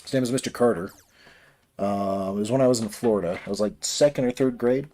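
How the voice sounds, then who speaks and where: A man's voice: on the low side, a little fast, warm tone, faint music behind. A man telling a long personal story in a rambling, casual way while building a model kit on a livestream. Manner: rambling, many fillers and restarts.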